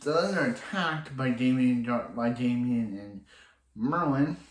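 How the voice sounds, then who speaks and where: A man's voice: medium pitch, lively intonation, measured pace, roomy sound, low-quality recording. Rambling man recapping a TV episode. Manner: rambling, restarting often, quoting characters in passing. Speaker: TV episode reviewer.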